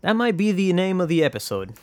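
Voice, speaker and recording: Hosting his own podcast, a man rambles through a casual solo monologue full of swearing and jokey asides. He talks fast in a high voice with big pitch swings and a darkish tone, on a dry recording.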